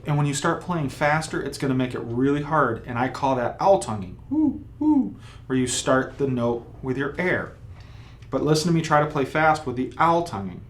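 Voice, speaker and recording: A man's voice: medium pitch, normal speed. A man teaching a beginner trumpet lesson, explaining patiently step by step and sounding out rhythms as he goes. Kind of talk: instructional video lesson.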